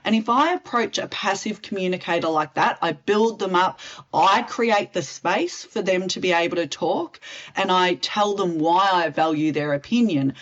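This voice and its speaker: A woman, a communications specialist answering interview questions in a direct, expressive way and acting out example lines. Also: fairly low pitch, normal speed, muffled recording. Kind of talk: interview answers, expert advice.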